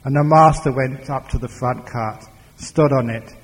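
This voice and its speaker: A man telling a folk tale aloud in a lively, expressive, conversational way. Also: mid-range voice, a little slow. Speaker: storyteller. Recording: long hall reverb.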